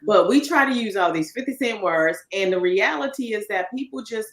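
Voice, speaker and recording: With a mid-range, expressive voice and a brisk pace, this podcast host keeps her casual interview conversational, leaning on tag questions such as "right?". There's a roomy echo to the recording.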